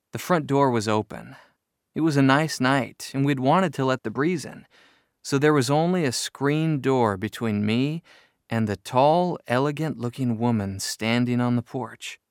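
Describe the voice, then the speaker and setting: Slow, dry-voiced male storybook reader. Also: mid-range voice, clear, resonant tone, no room sound. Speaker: reader of book excerpts. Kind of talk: storybook reading.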